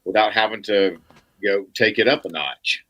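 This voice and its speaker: A man's voice: lowish voice, moderate pace, sharp tone, poor audio. A man co-hosting a podcast, easygoing and fond of folksy sayings. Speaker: podcast co-host. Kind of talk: casual chat.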